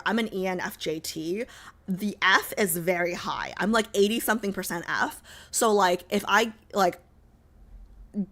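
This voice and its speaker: A young woman streaming and chatting casually, rambling with lots of fillers, a little sick so her voice sits lower than usual. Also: sharp tone. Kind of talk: casual livestream chat.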